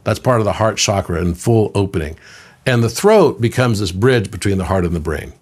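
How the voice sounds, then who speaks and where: A man's voice: fairly quick, slightly rough. A man in his fifties, a podcast guest, talking in a conversational, storytelling way, sometimes doing voices for quoted people. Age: 50s. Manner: animated storyteller, puts on high voices for quoted children.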